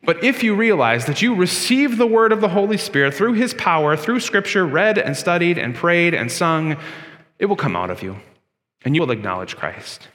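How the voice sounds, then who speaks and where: A man preaching in a church sanctuary, talking to the congregation in a casual, conversational way. His voice is bright and sits a little high, and it rises and falls a lot as he presses his points. The sound carries a long, echoing church reverb. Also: big pitch swings, normal speed. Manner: conversational preaching, with frequent fillers and emphatic swings. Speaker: pastor. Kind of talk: sermon.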